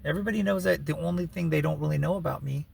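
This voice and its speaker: A man's voice: a little high, rapid-fire, vocal fry, darkish tone, a little hiss or hum. A man rambling through a personal story in a casual vlog, full of "you know" and "right", with wry laughing asides. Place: living in his vehicle.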